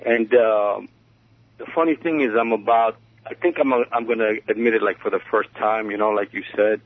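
A man calling in to a radio show, speaking hesitantly with many pauses and restarts as he confides. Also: lowish voice, fairly even intonation, dry recording. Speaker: radio caller. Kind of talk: phone-in conversation. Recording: tinny phone line on radio.

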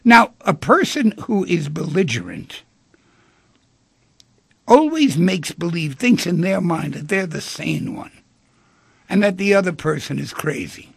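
A man's voice: sits high, sing-song, a little slow, gravelly, pauses often, breathy edge, no echo. A man hosting a call-in radio show, speaking animatedly and acting out the dialogue in the stories he tells. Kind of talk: talk radio discussion.

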